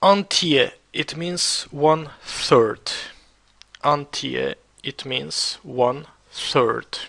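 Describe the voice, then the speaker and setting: A man teaching a beginner French lesson, repeating words slowly and spelling them out letter by letter. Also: on the high side, creaky, fairly bright tone. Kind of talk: slow beginner language lesson.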